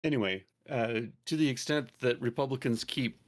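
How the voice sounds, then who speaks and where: A man co-hosting a casual podcast chat, talking hesitantly with many pauses. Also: mid-range voice. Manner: hesitant, full of uh pauses and restarts. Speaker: podcast co-host.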